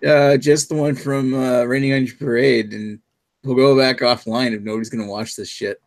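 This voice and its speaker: A man's voice: medium pitch, steady tone, moderate pace. A man from New Brunswick, Canada, hosting a casual beer chat and reading the beer news in a rambling, laid-back way with plenty of swearing. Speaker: beer podcast host.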